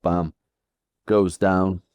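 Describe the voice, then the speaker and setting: A man's voice: deep voice, flat delivery, drawn-out words, a little mellow, clear, resonant tone, no echo. A Welsh man co-hosting a cycling podcast, telling stories in a laid-back, chatty way. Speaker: podcast co-host, pro cyclist. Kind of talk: casual podcast chat.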